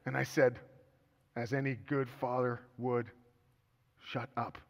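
A man's voice: mid-range voice, level tone, unhurried, vocal fry, a little hiss or hum. A middle-aged man preaching a sermon as pastor, telling stories with humor and earnest turns. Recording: echoey hall, dull sound.

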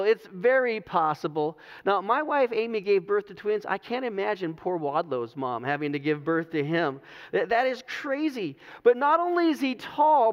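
A pastor delivering a sermon in a church, telling the story conversationally with light humor. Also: male voice, sits high, a bit bright. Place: church sanctuary. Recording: long hall reverb, dull lo-fi sound.

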